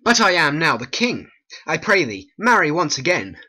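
A performer voicing a guilty, scheming usurper king in an amateur animated play, with a solemn reading. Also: mid-range voice, normal speed, over music, natural voice. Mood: persuasive.

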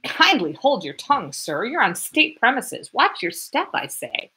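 A woman voicing a hot-tempered male police lieutenant who shouts indignantly. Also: on the low side, animated, moderate pace. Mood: indignant shouting.

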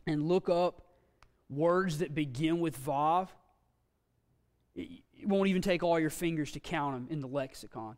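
A man's voice: on the high side, a little mellow. Man lecturing in an echoing hall. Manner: folksy, halting, with many fillers and restarts. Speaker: Bible language teacher. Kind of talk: classroom lecture. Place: church classroom. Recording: long reverb from a hall.

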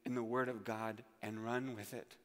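A man's voice: medium pitch, level tone, moderate pace, fairly bright tone, long reverb tail. A male pastor preaching a sermon with emphasis and vivid everyday analogies, recorded in a church sanctuary.

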